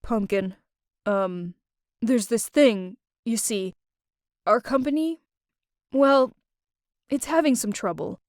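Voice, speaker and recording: A woman voicing a worried middle-aged father who speaks haltingly. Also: on the high side, no room sound, studio quality. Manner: hesitant, halting.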